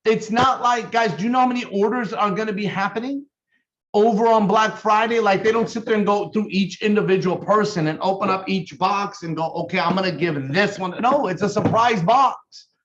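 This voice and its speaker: A man's voice: high voice, normal speed, a bit bright, muffled recording. A man giving a fired-up, emphatic motivational sales talk to his team. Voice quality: fired up, emphatic, intense delivery. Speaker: team leader.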